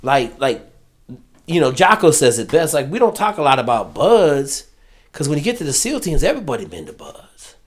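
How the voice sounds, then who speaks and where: A man's voice: on the high side, normal speed, slightly rough. A man, a former Navy SEAL, telling stories casually and profanely, often acting out what others said. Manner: profane, animated, acts out quoted dialogue. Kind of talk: casual storytelling.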